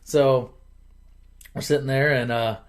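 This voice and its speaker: A man hosting his channel, casually retelling a movie plot in an animated, chuckling, conversational way. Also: medium pitch, takes it slowly. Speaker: channel host.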